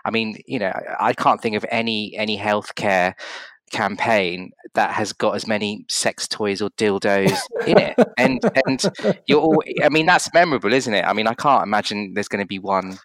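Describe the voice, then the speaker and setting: Enthusiastic low-voiced male host. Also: animated, normal speed, a bit bright, no room sound, rough recording. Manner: enthusiastic, encouraging, many backchannels. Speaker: podcast host. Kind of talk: casual interview chat.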